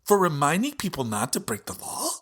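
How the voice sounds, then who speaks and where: A man's voice: a little high, huge pitch swings, a little fast, fairly bright tone, husky. A male podcast host giving an impassioned, profane political rant with heavy emphasis.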